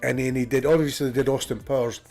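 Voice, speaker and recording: A man's voice: medium pitch, steady tone, fast, a little mellow, faint music behind. A Scottish man live-streaming a game, chatting casually with viewers, swearing and laughing freely, a bit sniffly. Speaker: gaming streamer. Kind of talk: casual live-stream chat and gameplay commentary.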